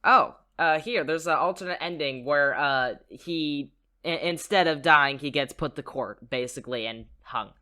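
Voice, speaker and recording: A man's voice: fairly high pitch, moderate pace, bright, forceful tone, clean tone. A man co-hosting a podcast, talking about a film with enthusiasm and playful, rambling asides. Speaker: podcast co-host. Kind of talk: casual film discussion.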